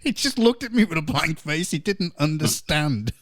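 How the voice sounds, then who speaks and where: A man's voice: a little high, expressive, normal speed, dry recording, clean studio sound. A man hosting a comic online pub chat, talking in a theatrical, jokey, mock-grand way. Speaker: podcast host.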